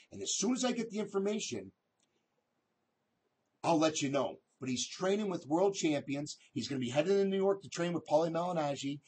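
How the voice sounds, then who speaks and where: Brash husky-voiced man hyping fights. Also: on the high side. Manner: brash and emphatic, keeps tossing in "okay?". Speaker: boxing promoter and video host. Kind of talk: hype promo talk to camera.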